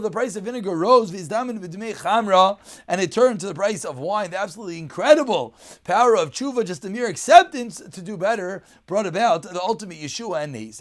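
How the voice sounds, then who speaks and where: A man teaching a daf yomi Talmud lesson. He reads Aramaic phrases and explains them in English. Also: high-pitched.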